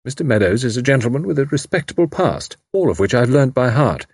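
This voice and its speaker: Narrator doing a dry sceptical young spy guy, husky voice, grave and gloomy. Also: mid-range voice, animated, quick pace, a little mellow, dry recording, voice pushed up.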